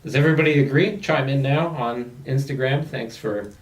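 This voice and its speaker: A man hosting a casual real estate podcast, talking in a relaxed, halting way. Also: medium pitch. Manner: relaxed, hesitant, repeats words. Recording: echoey room, mic far off, faint noise.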